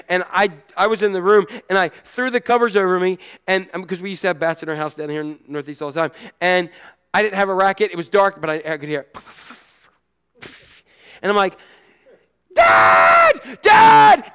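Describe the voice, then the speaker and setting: Animated pastor with a high, smooth voice. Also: male voice. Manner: animated storytelling, shouting out quoted cries. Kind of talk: sermon.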